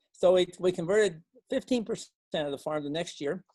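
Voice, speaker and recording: An older man from Montana, an organic farmer telling a story to a club in a folksy way, with many fillers and restarts, lively when he quotes others. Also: sits high, normal speed, hardly any pauses, no room sound.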